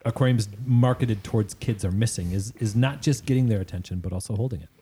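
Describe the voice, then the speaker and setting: A man who runs a fish shop, chatting on a podcast and telling customer stories with lively quoted dialogue. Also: fairly low pitch, fast talker, slight background noise. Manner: animated storyteller, acts out customers in quotes. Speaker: aquarium shop owner and podcast host. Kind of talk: casual podcast chat, storytelling.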